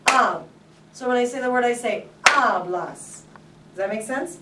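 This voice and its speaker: A woman teaching a Spanish class, asking students questions and drawing words out slowly. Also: a little high, steady tone, very noisy. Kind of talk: classroom lesson. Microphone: camera from across the room. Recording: echoey classroom from far off.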